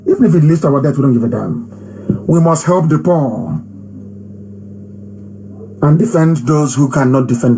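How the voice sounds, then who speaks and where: A man giving an impassioned live broadcast address, emphatic and repetitive, hammering phrases with long pauses. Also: mid-range voice, warm tone, a little hiss or hum, low-quality recording. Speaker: movement leader hosting a live broadcast.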